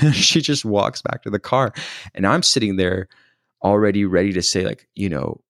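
Deep gravelly man telling a story. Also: normal speed, fairly bright tone, no echo, clean studio sound. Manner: thoughtful, hesitant, frequent fillers and restarts. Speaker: storyteller recounting a personal experience. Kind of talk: reflective personal storytelling.

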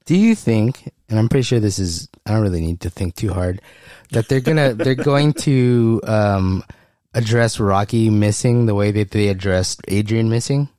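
A man co-hosting a podcast in casual chat, animated, with his voice jumping high whenever he quotes someone. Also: normal speed, no room sound, clean studio sound. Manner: animated, jumps high when quoting people. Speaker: podcast co-host.

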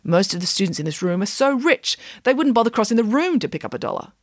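A woman voicing a calm, precise schoolgirl who lays out her deductions. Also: mid-range voice, quick pace, dry recording, clean studio sound. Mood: coolly logical. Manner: calm, clipped, reasoning. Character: cool, precise schoolgirl detective.

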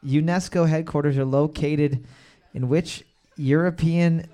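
A man hosting a trivia music round, calling out answers loudly and joking between questions. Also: on the high side, fairly even intonation, measured pace. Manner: loud repeated calls of "boards up", joking asides. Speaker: trivia host. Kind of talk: casual podcast banter, running a music round.

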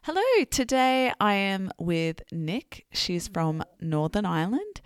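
A woman hosting a podcast, explaining words in a clear, teacherly way before an interview. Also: mid-range voice, sing-song, slow. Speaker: podcast host. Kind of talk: podcast intro and vocabulary lesson.

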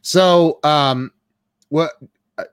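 A man's voice: a little high, extremely slow, clear, resonant tone, dry recording, studio quality. A man hosting an interview podcast, chatting casually and acting out voices when he tells a story. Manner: animated storyteller, acts out voices in anecdotes. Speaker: podcast host.

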